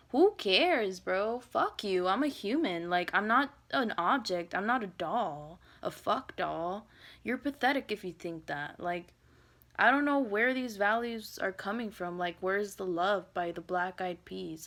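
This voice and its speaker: A woman venting in a monologue, blunt and profane, rambling with many fillers and swinging between loud outbursts and hushed, whispered asides. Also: mid-range voice.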